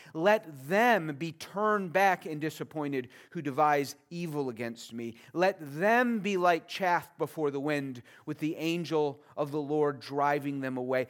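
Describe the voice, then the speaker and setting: A man preaching a sermon, reading verses aloud and then explaining them with rising, earnest pleas. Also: on the high side. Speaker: pastor.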